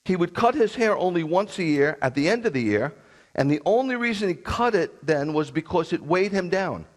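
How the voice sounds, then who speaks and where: A man's voice: sits high, animated, normal speed. A man who is a rabbi, preaching a sermon in a blunt, combative way with sarcastic asides.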